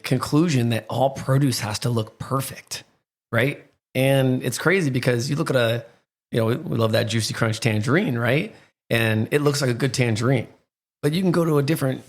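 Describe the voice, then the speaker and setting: A man hosting a podcast in casual chat, talking loosely with lots of fillers and rhetorical questions. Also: medium pitch. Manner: chatty, many fillers, rhetorical "right?". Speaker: podcast host.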